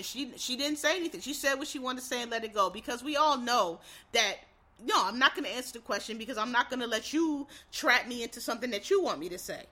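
A woman's voice: on the high side, pushed and bright. A woman from the United States giving a casual opinion monologue, blunt, emphatic and full of swearing as she addresses her viewers directly. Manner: blunt, emphatic and profane, lecturing the audience directly. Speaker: commentator.

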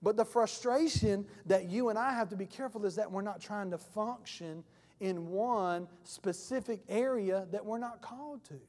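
A man's voice: high voice, moderate pace, darkish tone, long reverb tail. A man pastor preaching a sermon in a folksy way, acting out voices in his stories, in a church sanctuary.

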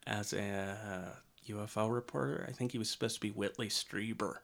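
A man's voice: fairly low pitch, steady tone, a little fast, vocal fry, fairly bright tone. A man co-hosting a podcast, chatting casually and rambling with many hesitant ums. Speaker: podcast co-host. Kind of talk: casual chat.

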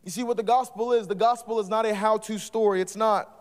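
A man preaching live from the stage, his voice sitting high for a man. He talks in a passionate, emphatic preacher's way that swells into urgent pleading calls. A long hall reverb trails every phrase. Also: steady tone, brisk. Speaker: guest preacher. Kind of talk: live sermon. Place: church or student ministry hall.

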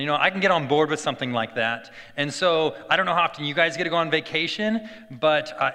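A man's voice: mid-range voice, sharp tone. A man in his thirties tells a family story as a devotional talk, chatting casually with lots of fillers and restarts. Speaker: speaker giving a devotional talk. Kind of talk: sermon-style personal story. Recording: long hall reverb.

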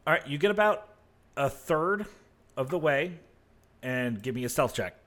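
A man narrating as game master of a tabletop game, relaxed and hesitant with many fillers. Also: on the high side, moderate pace.

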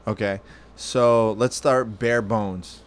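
A man's voice: on the low side, steady tone, slow. Profane joking man chatting. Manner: loose, profane, joking, rambling. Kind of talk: casual chat.

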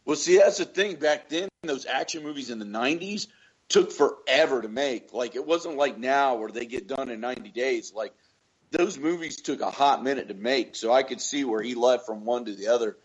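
A man from Florida trades movie stories in a relaxed podcast chat, peppering them with swearing and loud acted-out quotes. His voice sits at a medium pitch, and the recording sounds a little dull and lo-fi. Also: normal speed, husky. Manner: swearing storyteller, acts out quotes loudly. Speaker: podcast co-host. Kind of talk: casual chat.

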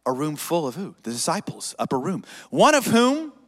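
A man pastor preaches with an animated voice that rises and falls widely, his pitch sitting a little high for a man. He leads the congregation in call-and-response. His voice rings with the long reverb of a large hall. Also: normal speed. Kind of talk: sermon.

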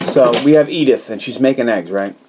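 A man's voice: medium pitch, fairly quick, background noise. A man co-hosting a movie podcast, picking apart small details of a scene. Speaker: podcast co-host. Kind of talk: casual movie chat.

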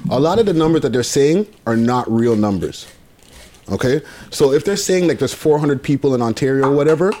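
A man's voice: mid-range voice, expressive, brisk, warm tone, slight background noise. Loose, chatty podcast host man. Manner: drives the topics, loose and chatty, many fillers. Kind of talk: casual chat.

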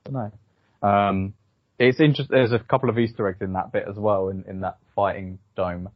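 A man's voice: lowish voice, fairly even intonation, a little fast, no echo. A man hosting a podcast, chatting casually about films with frequent ums and restarts. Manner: hesitant, lots of ums and restarts. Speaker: podcast host. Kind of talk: casual film review chat. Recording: dull, slightly lo-fi dry sound.

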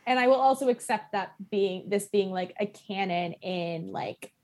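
A woman co-hosting a podcast, animated and swearing freely in casual chat, often talking over the others. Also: mid-range voice, moderate pace. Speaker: podcast co-host.

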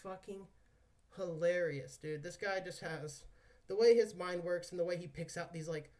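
A man's voice: high voice, normal speed, darkish tone, far from the mic. Chill guy hosting a podcast, jokey and sweary, sounds a bit back from the mic. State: out of breath after squats. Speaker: podcast host. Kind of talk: casual podcast chat.

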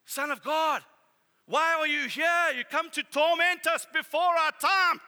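Trembling demons shrieking in alarm, as a man acts them out in a sermon. The voice is high and sharply bright, and it rings out with long reverb in a hall. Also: fairly even intonation, measured pace, full character voice.

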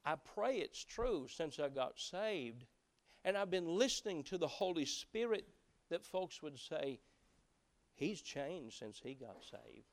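A man preaching a sermon in a folksy way, dropping to hushed voices when acting out conversations and rising to loud emphasis. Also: on the high side, very animated, takes it slowly. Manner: swings between hushed acted-out dialogue and loud emphatic preaching; folksy, preaching with colloquial phrases. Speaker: pastor.

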